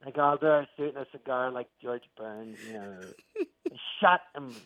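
A middle-aged male comedian and actor speaks briskly at medium pitch while telling stories as a guest in a casual interview. He's an animated teller who acts out the quotes. The tinny phone line is dry, with no room sound.

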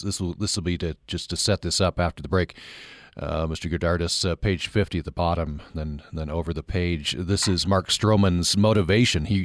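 A man's voice: low-pitched, no echo, clean studio sound. A man hosting a radio interview show, speaking hesitantly with many uhs. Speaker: radio host.

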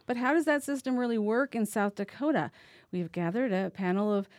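A woman's voice: mid-range voice, fairly quick, a little mellow, no room sound. A woman hosting a public radio interview in a conversational way. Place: radio studio.

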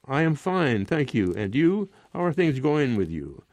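A courteous, formal landowner and former officer from a read-aloud story, as a man reads his part. His speech is measured and polite, in a dry, close recording. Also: medium pitch, big pitch swings, a little mellow, no echo.

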